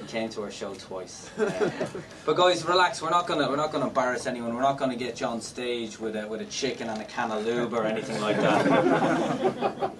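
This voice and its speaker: A man's voice: medium pitch, animated, moderate pace. An Irish man doing stand-up, teasing the audience in cheeky banter with lots of fillers. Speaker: stand-up comedian. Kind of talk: live comedy show audience work. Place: live comedy venue. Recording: distant mic, noisy live room.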